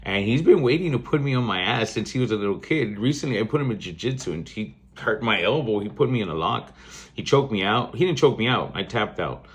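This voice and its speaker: A man's voice: lowish voice, lively intonation, fairly quick. A man in his forties hosting a podcast, telling family stories in a rambling, blunt way, swearing freely and laughing mid-story. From South Texas. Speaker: podcast host. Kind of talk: casual storytelling monologue.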